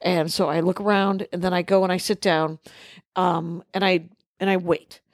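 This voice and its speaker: A woman's voice: lowish voice, little pitch movement, moderate pace, no room sound, studio quality. A woman co-hosting a podcast, telling a rambling backstage story and acting out what people said in casual chat. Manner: rambling anecdotal delivery, acts out quoted dialogue. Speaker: podcast co-host.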